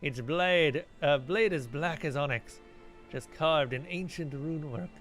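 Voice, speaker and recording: A man's voice: a little high, measured pace, a bit bright, faint music behind. A man voicing a grim, boastful old male pirate ghost, reading game dialogue aloud in salty pirate talk.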